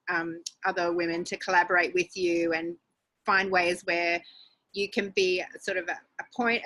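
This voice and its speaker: Woman podcast host, bright tone, slightly low voice, thoughtful and reflective. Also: poor audio. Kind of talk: reflective interview chat.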